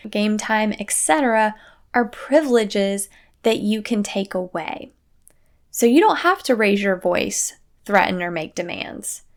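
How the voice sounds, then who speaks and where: A woman hosting a parenting podcast, giving calm, matter-of-fact advice in a scripted solo talk. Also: mid-range voice.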